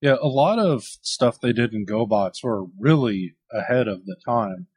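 A man in casual chat about toys, explaining calmly and speaking softly. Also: medium pitch, moderate pace, breathy edge.

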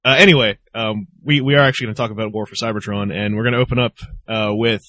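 A man's voice: fairly low pitch, fairly even intonation, fast talker, sharp tone, no room sound. A man hosting a casual chat, talking in rambling, self-interrupting bursts. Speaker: podcast host.

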